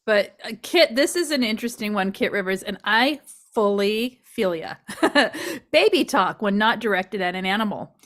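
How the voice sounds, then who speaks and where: A woman chatting casually as a guest, telling animated stories and laughing often. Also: mid-range voice. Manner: animated storytelling, quick to laugh. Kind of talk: casual chat.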